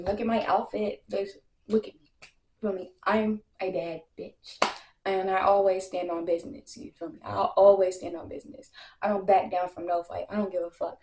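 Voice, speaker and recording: Young woman spilling the tea, brash and cussing, acts out everybody's lines, kinda echoey room. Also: mid-range voice. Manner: animated, brash, lots of slang and profanity; acts out other people's lines in quotes. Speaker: storytime vlogger. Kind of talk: casual storytime.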